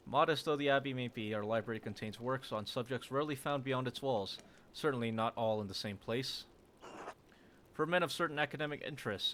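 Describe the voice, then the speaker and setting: A man's voice: mid-range voice, fairly bright tone, slight background noise, lightly acted. A man reading as a haughty, prickly monk prior. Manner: indignant, clipped, evasive. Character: haughty defensive middle-aged male monk prior. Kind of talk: reading game dialogue aloud.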